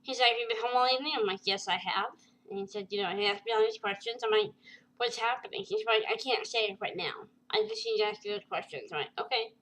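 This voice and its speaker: A woman vlogger telling a personal story to camera, halting and emotional, with many fillers and restarts. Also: mid-range voice, a bit bright, poor audio. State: tearful at times.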